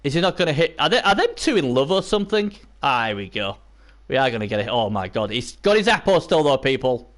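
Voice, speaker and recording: A hoarse man calls a video game match live, his voice worn from the night before. His pitch swings widely from low grumbles to sudden squeaky cheers, and he talks to the chat like old friends. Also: fast talker. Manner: excitable, bursts into high yelps and cheers; chatty, talks to viewers and chat by name. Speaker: live stream commentator. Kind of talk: casual video game commentary.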